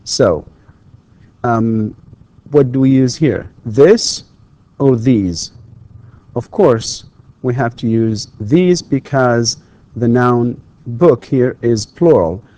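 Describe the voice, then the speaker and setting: A man teaching a university English lecture, pausing often with fillers and restarting his words. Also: mid-range voice, expressive, mellow. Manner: halting, many fillers and restarts. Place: lecture studio.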